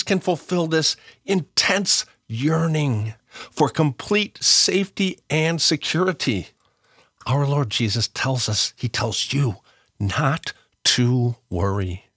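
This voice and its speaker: A middle-aged man giving a gentle, earnest devotional reflection and reading scripture, sometimes dropping to a hush. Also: a little high, dry recording, clean studio sound. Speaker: Catholic devotional speaker.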